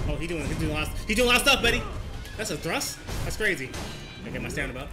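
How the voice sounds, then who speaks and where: A man giving excitable gameplay commentary, trash-talking and yelling at the enemies he fights. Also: a little high, very fast, music in the background. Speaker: gaming video host.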